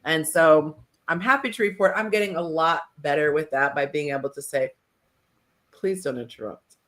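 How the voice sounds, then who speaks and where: A woman hosting a casual panel podcast, telling stories with lively acted-out quotes. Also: sits low, a little fast. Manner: animated storytelling, acts out quotes. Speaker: podcast host.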